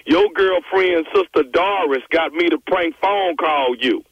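Husky man on a muffled phone line. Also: a little high, a little slow, dry recording. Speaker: radio prank caller. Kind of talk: prank phone call reveal.

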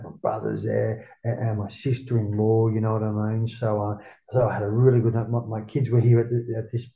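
A middle-aged Australian man with a gravelly, creaky voice tells stories in a loose, rambling, swearing manner. He sounds like he is in a roomy, echoing space, and the recording is a bit dull and lo-fi. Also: mid-range voice. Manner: rambling, profane, peppered with "mate". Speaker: interview guest. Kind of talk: casual storytelling.

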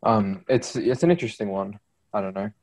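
Rambling low-voiced man. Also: expressive, brisk, gravelly, darkish tone, low-quality recording. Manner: rambling, lots of fillers and restarts. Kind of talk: casual music chat.

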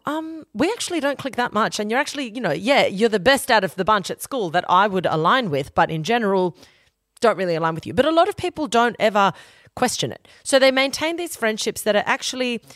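A woman's voice: medium pitch, fairly bright tone, no room sound, studio quality. A young adult woman, hosting a casual advice podcast in a blunt, sweary, emphatic way. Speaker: podcast host giving advice.

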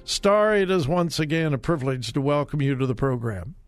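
A man's voice: fairly high pitch, lively intonation, fairly quick, faint music behind. A man hosting a radio talk show from a studio, chatty and folksy with a joking manner. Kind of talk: casual radio interview.

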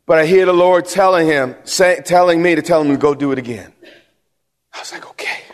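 A pastor preaches emphatically from the pulpit of a church sanctuary, repeating himself and putting questions to the congregation. His voice is fairly high and fairly quick. Long hall reverb fills the recording.

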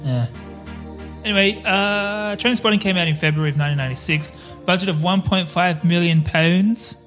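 A man's voice: high-pitched, normal speed, fairly bright tone, faint music behind. A man co-hosting a casual film-review chat, rambling through lists and laughing easily. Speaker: podcast co-host.

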